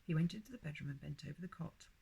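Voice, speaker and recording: A woman reading a children's book aloud as a bedtime story, expressive and soft. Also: low voice, very fast, creaky, breathy edge.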